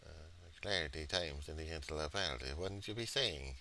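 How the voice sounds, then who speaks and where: A man's voice: a bass voice, moderate pace, bright, forceful tone, slight background noise, exaggerated voice. A man putting on a hammy mock Irish brogue as a jolly fellow greeting lads and lasses in a comic bit. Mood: hammy, teasing. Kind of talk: comic put-on accent bit.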